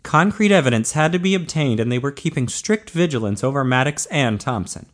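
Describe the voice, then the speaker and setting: A man narrating an audiobook in a steady, measured way. His voice sits at an ordinary middle pitch, and he reads clearly and evenly.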